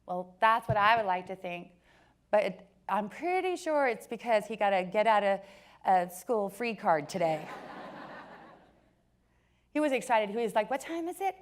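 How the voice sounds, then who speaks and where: A woman in her forties giving a personal storytelling talk to an audience, joking at times and turning soft and earnest at others. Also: mid-range voice, expressive, measured pace, long pauses. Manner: warm joking storyteller, switches between laughs and soft earnest passages. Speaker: company speaker.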